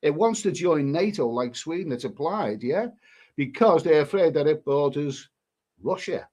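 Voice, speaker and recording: A man's voice: on the high side, animated, moderate pace, darkish tone. A man, hosting a live stream and rambling through crude commentary with many restarts. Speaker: livestream host.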